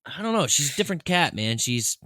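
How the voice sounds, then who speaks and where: He's a chatty podcast co-host who acts out exchanges with his cat while talking casually, fairly quick and very animated. The voice is a little high and a bit bright, with a clean, dry studio sound.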